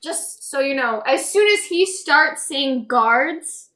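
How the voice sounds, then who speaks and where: A woman's voice: high-pitched, expressive, unhurried, fairly bright tone. A woman playing a tabletop game, chatty and asking the game master questions. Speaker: player. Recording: roomy echo.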